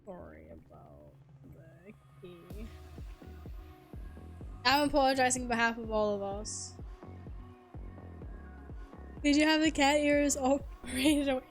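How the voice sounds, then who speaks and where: A young woman who is a native Swedish speaker, live-streaming a game into a headset mic, chatty and animated, swearing freely and laughing often. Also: high-pitched, fairly quick, few pauses, music in the background. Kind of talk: casual live-stream chat.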